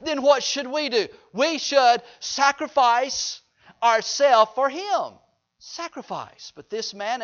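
High-voiced preacher, folksy. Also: male voice, a bit bright. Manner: folksy, jokes with the congregation. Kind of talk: sermon. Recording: dull lo-fi recording.

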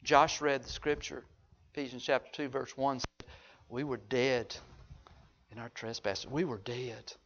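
A man preaching a sermon, swinging from hushed low asides to loud, high-pitched exhortation. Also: steady tone, measured pace, long pauses, lo-fi sound. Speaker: pastor.

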